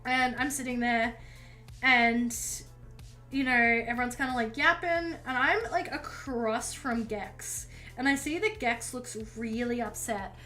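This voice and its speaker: Bright-voiced woman streamer telling a story. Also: fairly high pitch, unhurried, soft background music. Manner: chatty, swears freely, lively and animated in quoted dialogue. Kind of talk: casual storytelling while painting on stream.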